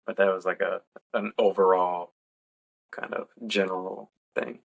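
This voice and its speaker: A relaxed young man chats through a personal story on a podcast, laughing now and then. His voice sits low and has a gravelly edge. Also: measured pace, lo-fi sound. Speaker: podcast co-host. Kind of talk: casual storytelling.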